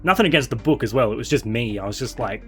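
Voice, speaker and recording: A man hosting a casual chat, talking excitedly with many fillers and restarts. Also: mid-range voice, quick pace, loud music behind the voice. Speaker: podcast host.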